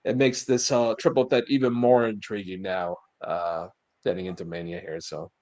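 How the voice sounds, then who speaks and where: A man's voice: low voice, flat delivery, normal speed, a little mellow, no echo. A man co-hosting a podcast, recapping a show in casual chat with many fillers and restarts. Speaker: podcast co-host.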